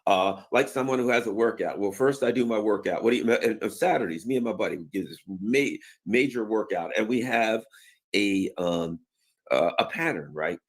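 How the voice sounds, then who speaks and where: Sarcastic man ranting in a low voice. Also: normal speed, breathy edge. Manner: sarcastic, acts out mocking voices; colloquial, many fillers and asides. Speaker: commentator. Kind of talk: political commentary rant.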